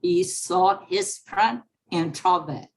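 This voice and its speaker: Brief: female teacher, online class, patient storytelling, repeats every line, very slow pace. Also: medium pitch, big pitch swings, vocal fry. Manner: slow, repeats each sentence and explains words. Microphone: online class microphone.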